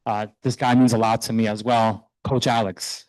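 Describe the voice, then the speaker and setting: Proud middle-aged coach, dry close sound. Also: male voice, fairly low pitch, level tone, darkish tone, no echo, rough recording. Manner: earnest, proud, loose and halting. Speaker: youth soccer coach. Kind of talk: speech honoring players at a public meeting. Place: township council meeting room.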